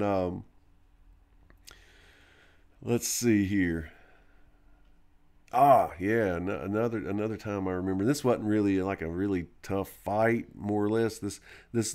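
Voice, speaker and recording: A man's voice: fairly low pitch, mellow. A man hosting a live stream, telling a long personal story in a rambling, profane way, full of fillers and restarts. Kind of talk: casual storytelling.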